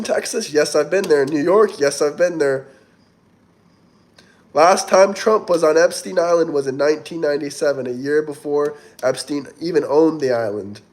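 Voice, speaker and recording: A man's voice: fairly high pitch, darkish tone. Chatty man reading livestream comments. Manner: chatty, rambling, reads viewer comments aloud. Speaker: livestream host reading chat. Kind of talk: casual livestream chat.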